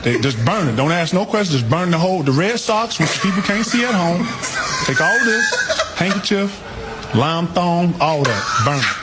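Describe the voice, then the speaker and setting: A man's voice: fairly high pitch, big pitch swings, normal speed, loud music behind the voice. A man on a TV broadcast, teasingly and insistently ribbing a co-host on air. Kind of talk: on-air banter. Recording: noisy broadcast audio.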